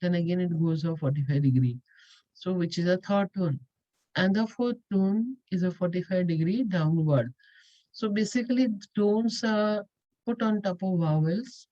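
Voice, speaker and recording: A woman's voice: lowish voice, moderate pace, warm tone, muffled recording. A woman teaching a language lesson, explaining step by step and repeating key points. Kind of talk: explanatory lecture.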